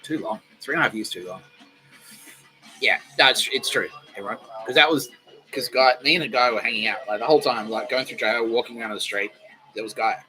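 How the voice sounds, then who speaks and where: A man hosting a podcast, talking in a loose, rambling monologue full of swearing. His voice is very bright and sharp-edged, and he often breaks into laughter or trails off into a low mutter. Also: a little fast, soft background music, low-quality recording. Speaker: podcast host.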